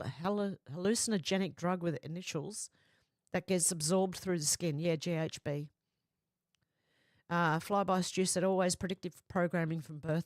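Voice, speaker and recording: A woman's voice: on the low side, dry recording. A woman hosting a livestream, reading viewer comments aloud in a chatty, laughing way, close to a desk microphone. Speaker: livestream host reading chat. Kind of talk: casual livestream chat.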